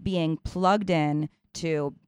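A woman hosting a casual conversation, speaking reflectively and often pausing to find the right words. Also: sits low, fairly even intonation, clear, resonant tone, no echo.

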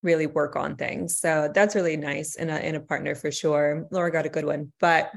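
A woman talking as a podcast guest in casual chat. Her voice sits slightly low, and she rambles earnestly, restarting her sentences. She laughs now and then as she talks. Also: fairly even intonation, normal speed, vocal fry.

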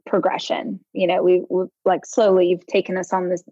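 A woman's voice: lowish voice, flat delivery, moderate pace, warm tone, breathy edge, no room sound, muffled recording. A woman hosting a podcast, asking a thoughtful, slightly hesitant interview question. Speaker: podcast host.

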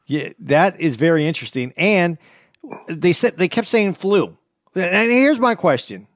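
A man's voice: sits high, lively intonation, measured pace, no room sound, studio quality. A man co-hosting a podcast, chatting casually in an easygoing, questioning way. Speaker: podcast co-host. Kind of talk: casual chat.

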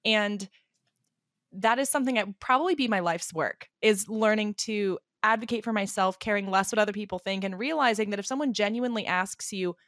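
A woman's voice: medium pitch, brisk, no echo, clean studio sound. A woman in her late twenties, a podcast guest in casual chat, telling stories animatedly and acting out quotes. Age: late 20s. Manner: animated storyteller, acts out quotes.

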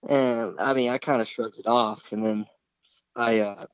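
A man's voice: mid-range voice, steady tone, unhurried, clear, resonant tone, no room sound, muffled recording. A young man casually retelling a hunting story, rambling and acting out the dialogue. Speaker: hunter telling a story.

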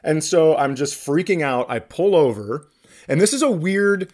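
A man's voice: fairly high pitch, expressive, normal speed, a little mellow. A man, a comedian and podcast host, telling a story in casual chat with self-mocking humor.

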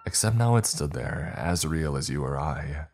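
A man narrating a first-person horror story in a measured, dramatic way. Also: a bass voice, expressive, darkish tone, faint music behind.

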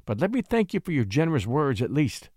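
Brief: male narrator playing a timid young noblewoman, soft-spoken and pleading, storybook reading. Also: on the high side, big pitch swings, a little fast, no echo, clean studio sound. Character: frightened gentle young noblewoman.

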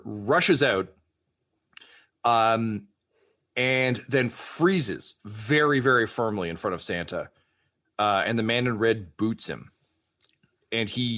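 Guy gm with a low voice, goofy playful narration of a tabletop game. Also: a bit bright. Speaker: game master.

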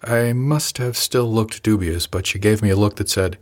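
A man reading a first-person novel aloud in a measured, calm manner. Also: lowish voice. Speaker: audiobook narrator. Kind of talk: scripted first-person narration.

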